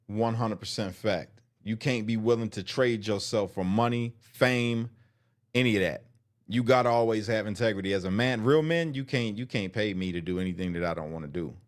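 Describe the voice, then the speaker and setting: A man's voice: fairly low pitch, normal speed. A man hosting a show, reacting to a clip in blunt, slangy casual commentary.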